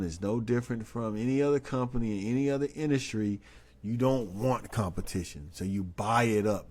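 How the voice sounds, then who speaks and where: A man's voice: fairly low pitch, darkish tone. A man hosting a casual live stream, reading an article aloud and breaking off into incredulous, stammering asides. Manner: frequent stammered restarts. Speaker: host.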